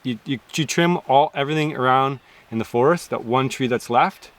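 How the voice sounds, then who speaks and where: A man's voice: medium pitch, normal speed. A man chatting casually while cooking at an outdoor forest camp, joking and laughing often.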